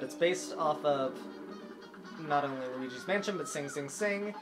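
Over video game music, a let's-play host rambles casually in a mid-range voice, a little slow. He's easily sidetracked and hums tunes out loud, and the recording quality is rough.

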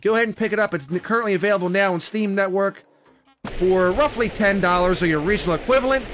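Excitable high-voiced male gamer. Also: fast, background noise. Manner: excitable, swears often, frequent loud outbursts. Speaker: gaming channel host. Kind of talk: casual gameplay commentary.

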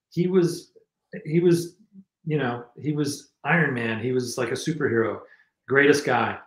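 A man's voice: medium pitch, echoey room, poor audio. A man, a guest musician telling casual anecdotes with lots of restarts. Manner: rambling anecdotes with many restarts. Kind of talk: casual storytelling interview.

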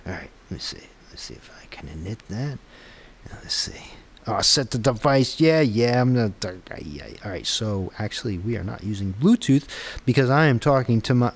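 A man's voice: on the low side, expressive, moderate pace, slight background noise. A man testing his own app on camera, muttering to himself and rambling with frustrated, self-deprecating asides. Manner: muttering, frustrated, talks to himself while debugging. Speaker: app developer vlogger. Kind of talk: casual screen-recorded tech vlog.

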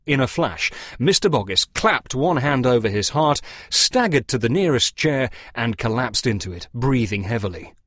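A man narrating an audiobook story for English learners, reading in a measured, expressive way. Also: mid-range voice, dry recording, studio quality.

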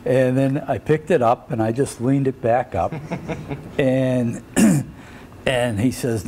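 An older man, speaking at an everyday middle pitch and rambling through road stories from his wrestling days. He loses his thread and fills the gaps with "uh" and little chuckles. A faint hum of room ambience sits under his voice. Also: takes it slowly, dark tone. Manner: rambling anecdotes with fillers and chuckles. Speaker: retired wrestler, interview guest. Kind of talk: shoot interview storytelling.

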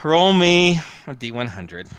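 A game master narrating a tabletop game with amused, halting delivery full of fillers. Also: mid-range voice, sing-song, a bit bright.

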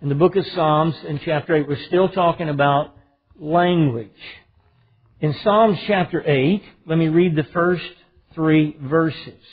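A man's voice: fairly high pitch, unhurried. A man with a Southern US accent, a pastor preaching a sermon with emphatic stresses on key words. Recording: phone-like narrow band.

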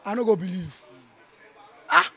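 A Nigerian man with a strained voice from shouting, reacting to a football match in an animated, playful way, slipping into Pidgin. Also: high-pitched, unhurried, breathy edge. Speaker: football fan. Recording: outdoor viewing center.

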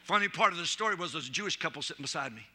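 Middle-aged male pastor, high voice, humorous storyteller who acts out the quotes. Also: lively intonation, rapid-fire, bright, forceful tone. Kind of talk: sermon. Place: church.

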